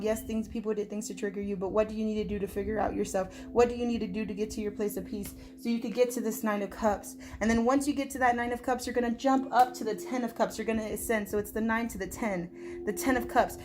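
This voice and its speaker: A woman's voice: fairly high pitch, darkish tone, a little hiss or hum. Overwhelmed, teary woman tarot reader. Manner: emotional and fast-talking, addresses viewers as y'all. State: overwhelmed, close to tears. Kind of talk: emotional tarot reading to viewers.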